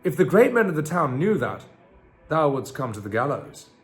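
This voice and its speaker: A stern old fisherman gives a grave warning in old-fashioned words, read by a man in his own lively voice. Faint music plays underneath. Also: a little high, moderate pace, voice pushed up.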